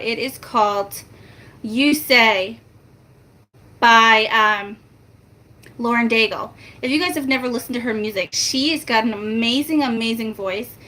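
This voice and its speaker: Upbeat young woman rambling to her viewers, kinda high voice, faint hum behind. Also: sharp tone. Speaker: vlogger. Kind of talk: casual chat to camera.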